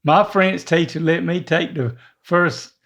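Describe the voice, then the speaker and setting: Older man, good-humored and slow. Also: a little high, a bit bright. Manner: good-humored, laughs at himself. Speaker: podcast co-host, father. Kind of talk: casual chat.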